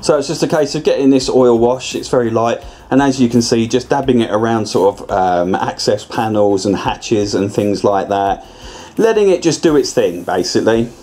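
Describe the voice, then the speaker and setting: Here a man talks through a scale-model tutorial in a relaxed, chatty way, rambling and frequently restarting to fix what he just said. His medium-pitched voice is mellow and animated, at a moderate pace.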